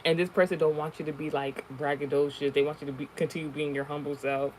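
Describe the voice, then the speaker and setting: A woman telling a spiritual story to her stream in a casual monologue, animated and profane, with lots of fillers and laughs. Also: low-pitched, fast talker, a little hiss or hum, rough recording. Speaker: spiritual reader.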